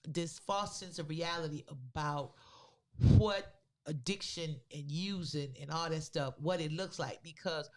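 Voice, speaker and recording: A woman co-hosting a podcast, telling a personal story in a casual, animated way with loose, vernacular phrasing. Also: deep voice, unhurried. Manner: animated, acts out the people in her story. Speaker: podcast co-host.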